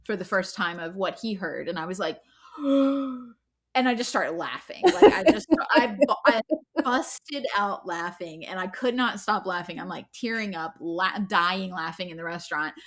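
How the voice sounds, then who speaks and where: A woman's voice: on the low side, measured pace, fairly bright tone. A woman co-hosting a podcast, telling a story in casual chat, chatty and full of fillers, often breaking into laughter. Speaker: podcast co-host.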